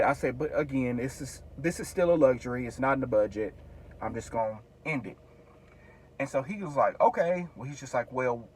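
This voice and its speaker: A man's voice: medium pitch, husky. A man vlogging, casually retelling a frustrating errand in a chatty way, full of "like" and reported dialogue. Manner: chatty, retells conversations with many fillers. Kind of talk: casual storytelling.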